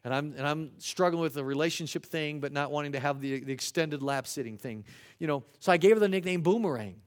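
A middle-aged man, a children's pastor, telling stories from his ministry in a lively talk, getting loud and high at the funny peaks. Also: fast. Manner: animated, swings loud and high at story climaxes.

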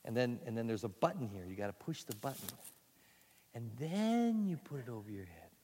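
A sheepish shopkeeper murmurs low and hesitantly, stammering his apologies, as a man acts him out in a story for kids. The hushed voice trails off into a long hall reverb. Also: very animated, fairly quick, slightly rough. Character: apologetic, soft-spoken male shopkeeper.

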